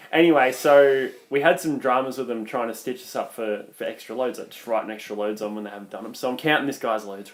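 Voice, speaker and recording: A man with an Australian accent co-hosting a podcast, telling rambling stories in a casual, swearing way. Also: medium pitch. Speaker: podcast co-host. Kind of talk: casual chat.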